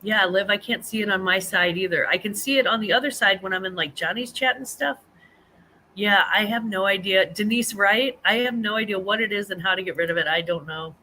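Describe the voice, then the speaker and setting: A woman's voice: medium pitch, fairly quick, sharp tone, slight background noise, low-quality recording. A woman, hosting a casual live-stream chat, rambling with many ums and restarts. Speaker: host of a live reselling chat show.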